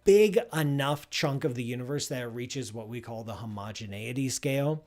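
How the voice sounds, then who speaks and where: With a mid-range, darkish voice at normal speed, an astrophysicist hosts a live call-in space show. He chats loosely in a casual live stream, full of "like" and restarts, during a playfully enthusiastic food tasting.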